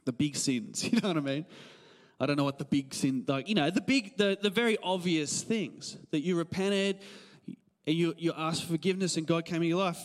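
A male pastor in his thirties with an Australian accent, giving a casual, animated sermon full of stories and laughs. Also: sits high, long reverb tail. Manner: conversational, animated storytelling with laughs. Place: church hall.

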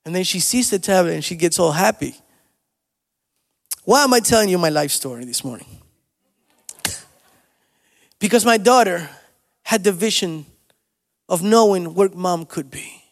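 A male pastor preaching a sermon, moving between soft storytelling asides and loud, rising exhortation. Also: high voice, normal speed, big-room sound. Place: church sanctuary.

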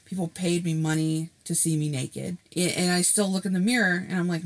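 Woman with a gravelly, reflective voice. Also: lowish voice, steady tone, fairly quick. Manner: reflective, rambling with many restarts and fillers. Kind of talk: casual chat.

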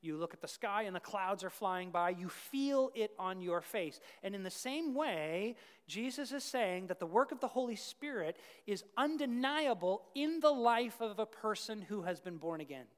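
Brief: pastor preaching a sermon, mid-pitched voice, dropping to a whisper then building loud, long hall echo. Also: expressive, normal speed, hardly any pauses. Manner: emphatic, swings from hushed whispers to loud outbursts; repeats words for stress.

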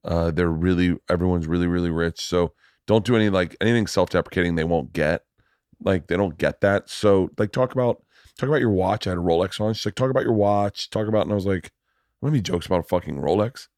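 Deep-voiced rowdy male podcast host. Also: fast talker, dry recording, clean studio sound. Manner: rowdy, animated anecdotes with profanity. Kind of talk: casual podcast chat.

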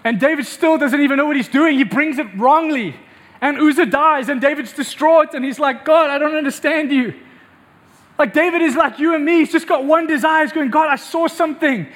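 A man's voice: very high-pitched, a little fast. A young man from South Africa preaching a sermon, telling stories animatedly and acting out quotes. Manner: animated storytelling with acted quotes.

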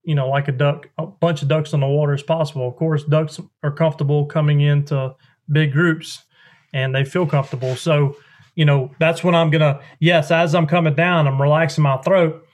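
Man, folksy and rambling, slightly high voice, podcast guest. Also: little pitch movement, moderate pace. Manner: folksy, rambling, hands-on explainer. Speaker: duck call maker, guest. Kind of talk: podcast interview, explaining technique.

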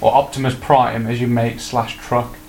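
Young lad, giggly rambler, echoey room. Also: male voice, medium pitch, moderate pace. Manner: excitable, laughing, rambling explanations. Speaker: podcast co-host. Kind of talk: casual chat. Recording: roomy echo with faint background hum.

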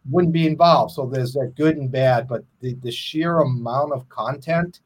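A man's voice: medium pitch, normal speed, slightly rough. Rambling middle-aged man, casual musician. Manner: rambling, self-deprecating, trails off. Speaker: independent musician. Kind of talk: casual podcast chat.

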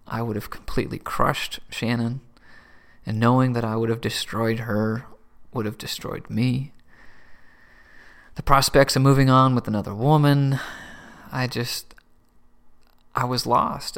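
Earnest gravelly man giving testimony. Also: mid-range voice, steady tone, a little slow, pauses often, fairly bright tone. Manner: earnest, emotional, laughs between phrases, drops to whispers. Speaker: Christian testimony speaker. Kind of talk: personal testimony, sermon-like.

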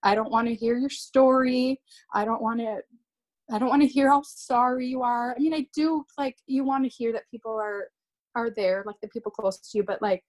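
A young woman, a podcast guest, recounting a painful personal story in a halting way, often repeating herself and restarting sentences. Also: on the high side, fairly even intonation.

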